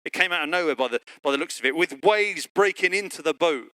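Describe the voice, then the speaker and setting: Bright, lively preacher man. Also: quick pace, no room sound, clean studio sound. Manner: lively storytelling, acting out quotes with big pitch jumps. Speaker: pastor. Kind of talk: sermon. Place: church online service.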